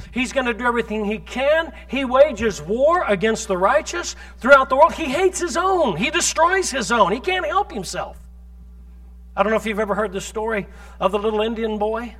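A male pastor preaching a sermon in church, quoting scripture rapidly and asking the congregation rhetorical questions. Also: very high-pitched, pushed and bright.

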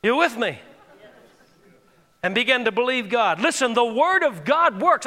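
A pastor with a very high voice and lively intonation preaches unhurriedly but with great passion in a church sanctuary. He draws the congregation into call-and-response and builds to shouting, with a long reverb tail on the sound.

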